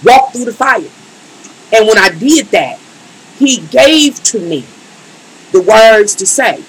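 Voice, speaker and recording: A woman's voice: fairly high pitch, lively intonation, takes it slowly, husky, low-quality recording. A woman tarot reader in a casual live stream, speaking emphatically and colloquially and talking straight to her chat.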